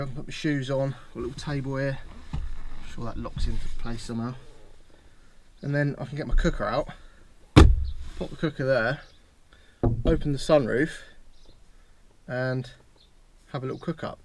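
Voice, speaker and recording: A man's voice: medium pitch, moderate pace, darkish tone, a little hiss or hum. Chatty man in a campervan. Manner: chatty, self-mocking, talks while doing tasks. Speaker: van owner showing his setup. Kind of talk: casual demo chat. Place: inside a parked campervan at home.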